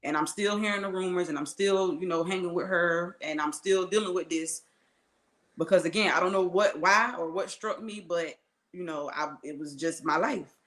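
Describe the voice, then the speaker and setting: A woman's voice: fairly low pitch, moderate pace, fairly bright tone, echoey room. A woman guest telling her life story in an earnest, conversational way, with many asides and acted-out quotes. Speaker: interview guest.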